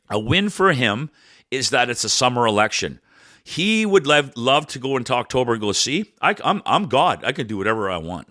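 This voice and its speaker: A Canadian man co-hosting a podcast, rambling and blunt, cursing freely and swinging between loud bursts and muttered asides. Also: mid-range voice, no room sound. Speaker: podcast co-host. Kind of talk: casual ranting chat.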